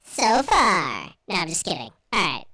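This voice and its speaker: A man talking through a soundboard effect that raises his voice into a shrill, annoying streamer voice. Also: huge pitch swings, normal speed, sharp tone, full character voice. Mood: mocking. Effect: pitch-raising voice effect.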